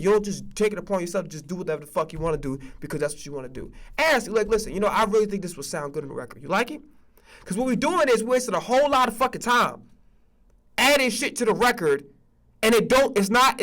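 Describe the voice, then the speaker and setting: A man's voice: high-pitched, a bit bright. A man telling a story in a profane, frustrated casual rant full of restarts. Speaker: streamer telling a studio story.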